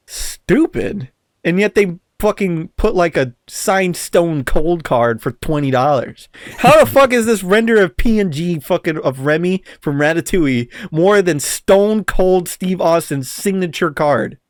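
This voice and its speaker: A man's voice: high voice, lively intonation, measured pace, no room sound. Guy ranting on a podcast, cussing constantly, dry mic. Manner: profane ranting, swears a lot. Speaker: podcast co-host. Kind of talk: casual chat.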